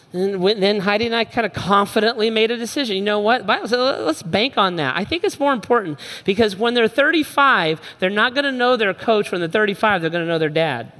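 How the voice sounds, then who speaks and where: Animated high-voiced preacher telling stories. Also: male voice, big-room sound. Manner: storytelling with acted-out voices of his kids; preacher's swings from shouting to soft and low. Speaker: pastor. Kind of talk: sermon.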